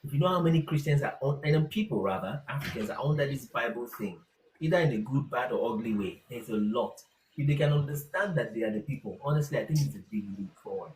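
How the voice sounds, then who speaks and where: A man, a pastor hosting a loose conversation, tells stories and drops into quick quoted asides. His voice carries a noticeable room echo. A faint hiss sits underneath. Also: medium pitch, animated, a little mellow. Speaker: pastor and host. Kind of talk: casual discussion.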